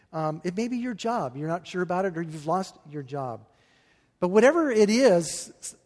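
Earnest higher-voiced preacher in a reverberant hall. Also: male voice, a little mellow. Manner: earnest, halting with repeated restarts and fillers. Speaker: pastor. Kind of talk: sermon.

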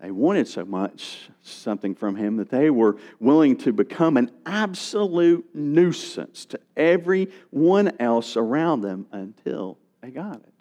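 Animated preacher, lively pitch. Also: male voice. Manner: animated preaching, acts out voices of beggars. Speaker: pastor. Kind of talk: sermon.

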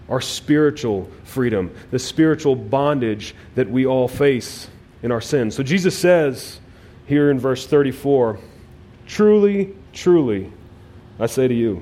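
Emphatic male pastor preaching. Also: mid-range voice. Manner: emphatic, with dynamic swings between loud and quiet phrases; repeats words as he restarts phrases. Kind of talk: sermon.

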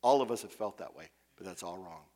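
A man preaching a sermon as pastor, impassioned, swinging from hushed, quiet passages to loud, urgent ones. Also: sits low, animated, quick pace.

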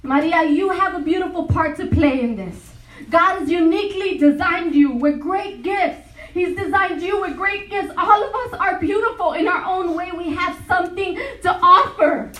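High-voiced woman preaching in an echoey hall. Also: normal speed, recorded from a distance. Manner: animated storytelling, laughing often. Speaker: retreat speaker. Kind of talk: sermon. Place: large hall.

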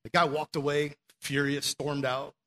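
A man preaching a sermon in a relaxed, conversational way, telling stories and often dropping in "like" as a filler. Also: fairly high pitch, measured pace. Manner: conversational storytelling with frequent "like" fillers.

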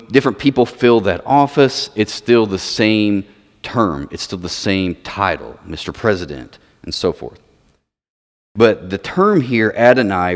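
A man preaching a sermon, explaining scripture and putting questions to the audience. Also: on the low side. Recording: long hall reverb.

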